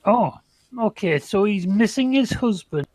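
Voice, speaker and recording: A man's voice: sits high, lively intonation, unhurried, darkish tone, dry recording. A man playing a tabletop game, making dry, joking quips. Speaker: player. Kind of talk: casual tabletop play.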